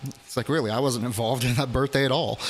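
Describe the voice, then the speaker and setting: A man casually telling stories from his own life, blunt and profane, laughing at his own jokes. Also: mid-range voice. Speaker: storyteller. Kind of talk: casual storytelling.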